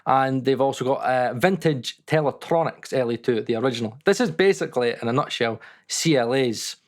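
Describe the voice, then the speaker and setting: A man's voice: medium pitch, moderate pace. A man hosting a mixing video, talking casually and candidly, with frequent ums and some swearing. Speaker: audio mixing youtuber. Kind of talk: casual talk to camera.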